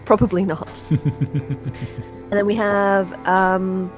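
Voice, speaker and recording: A woman's voice: medium pitch, slow, pauses often, darkish tone, soft background music. A woman co-hosting a game stream, reading viewer comments aloud and laughing often in casual chat. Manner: giggly, playful, reads comments aloud.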